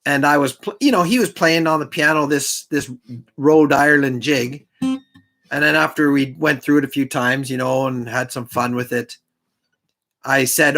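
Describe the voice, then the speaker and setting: A man's voice: medium pitch, moderate pace, creaky, sharp tone. A man hosting a live stream, chatting casually and rambling between jokes with self-deprecating asides.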